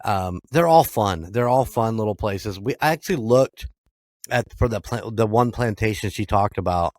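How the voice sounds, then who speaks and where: A man's voice: lowish voice, lively intonation, normal speed, darkish tone, dry recording. A man co-hosting a paranormal podcast in casual chat, rambling and swearing freely, laughing often. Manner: profane, laughing, rambling storyteller. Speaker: podcast co-host.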